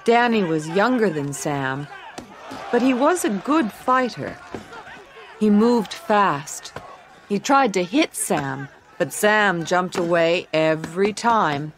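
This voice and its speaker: A woman narrating a graded English story for learners, reading in a slow, clear and deliberate way. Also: mid-range voice, animated, a faint crowd.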